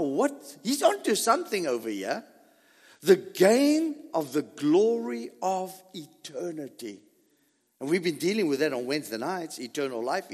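A man preaching a sermon as pastor, emphatic and drawn out, with long dramatic pauses on key words. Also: high-pitched, breathy edge, big-room sound.

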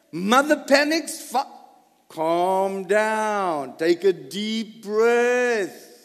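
A man preaching a sermon, swinging between loud emphasis and soft asides. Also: sits high. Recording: long hall reverb.

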